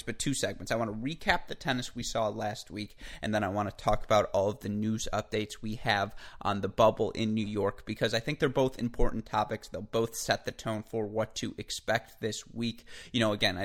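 A male podcast host with a slightly low voice carries a solo show on his own energy. He talks in a chatty, animated way and keeps breaking off into asides and quick self-corrections. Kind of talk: solo tennis podcast monologue.

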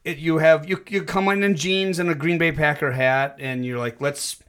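A man hosting a casual podcast, loud, profane and rambling. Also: fairly high pitch, steady tone, normal speed, smooth. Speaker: podcast host.

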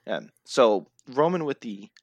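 A man's voice: mid-range voice, animated, a little slow, dry recording. A man co-hosting a casual wrestling recap chat who laughs often and acts out the wrestlers' lines. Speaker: podcast co-host.

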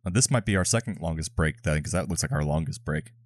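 A man's voice: rumbling low, quick pace, dry recording. A man co-hosting a casual podcast, easygoing and laughing often. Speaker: podcast co-host.

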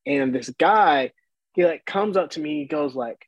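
Young male ballplayer guest, husky and a bit high-pitched, lively storyteller with a dry sound. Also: unhurried, no room sound. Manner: animated, acts out voices in his story, laughs often. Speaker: baseball player guest. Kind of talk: casual storytelling.

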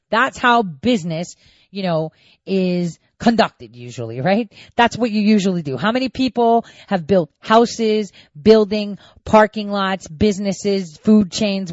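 A woman's voice: mid-range voice, dry recording. Sarcastic woman political commentator, dull dry sound. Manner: sarcastic, animated, reads quotes aloud. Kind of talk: opinionated commentary.

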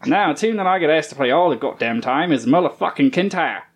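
A man's voice: a little high, expressive, fast. A man reading a listener's letter in a clumsy mock Australian accent, voicing a rowdy Australian bagpiper who keeps laughing through it. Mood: cheeky.

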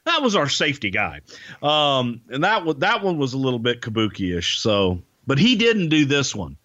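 A man's voice: mid-range voice, very animated, normal speed, bright, forceful tone, no echo, lo-fi sound. A man telling a backstage story in a casual interview, rambling with restarts and casual swearing. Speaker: guest, former wrestling TV producer.

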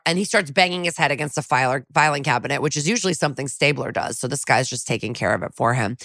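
A woman's voice: low-pitched, fairly bright tone, dry recording, studio quality. A woman co-hosting a podcast, recapping a TV episode in casual chat with a sarcastic, storytelling manner. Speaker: podcast co-host.

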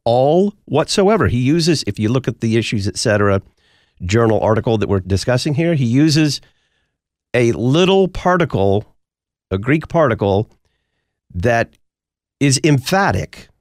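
Male talk radio host: emphatic, preacherly, lively pitch, dry close mic. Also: measured pace, long pauses, no room sound.

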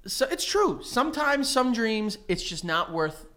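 Male podcast co-host, lively pitch, rambling storyteller, casual. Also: measured pace. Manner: rambling, filler-heavy storytelling. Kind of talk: casual comedic chat.

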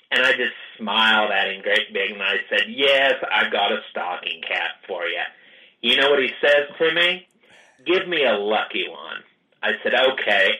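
A man, casually telling a hunting story with lively acted-out dialogue. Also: mid-range voice, rough recording. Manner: animated storyteller, acts out quoted dialogue.

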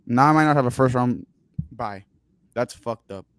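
A man with a mid-range voice rants about football and fantasy losses on a sports podcast, swearing constantly. He often drops into low mutters, and the sound is close and dry. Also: normal speed, fairly bright tone, no echo. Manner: profane, ranting, drops to mutters. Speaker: podcast co-host. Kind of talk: casual sports chat.

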